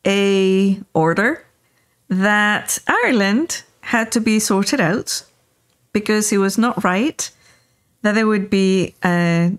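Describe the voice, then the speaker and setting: Clear and resonant, this woman's mid-range voice carries an animated conversational story. As a guest and spiritual teacher, she voices the quoted lines herself and frequently tosses in "right?" to check in.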